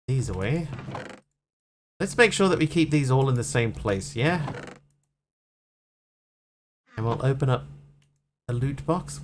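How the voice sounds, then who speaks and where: A man's voice: mid-range voice, gravelly, a little hiss or hum. A man streaming a game, chatting casually and rambling as he thanks viewers. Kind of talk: casual live-stream chat while gaming.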